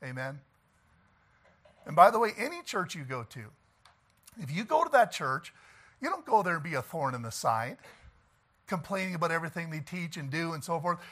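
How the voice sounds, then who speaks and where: High, lively-voiced man preaching. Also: normal speed, pauses often. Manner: emphatic, folksy preaching with frequent laughs and "Amen?". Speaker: pastor. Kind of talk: sermon.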